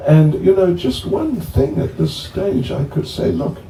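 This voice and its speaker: Man in a relaxed, joking talk to a crowd of devotees: deep, dark tone, slow delivery, sounds distant and echoey with faint background noise. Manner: joking, chatty, slow and rambling. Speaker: swami introducing a guest. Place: bonfire gathering.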